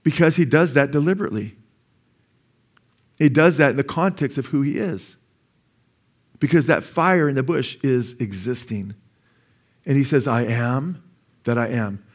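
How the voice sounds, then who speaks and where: A man's voice: mid-range voice, expressive, normal speed, pauses often. A man, a pastor, preaching a conversational sermon and often checking in with the congregation. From United States. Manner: conversational preaching, asks the congregation "right?" and "amen?".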